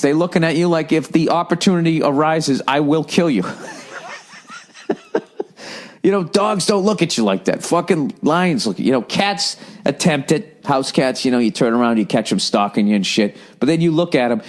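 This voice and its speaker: A man's voice: mid-range voice, a little mellow. A man in his forties from the United States, telling a profane, rambling story on a comedy podcast. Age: 40s. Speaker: podcast host.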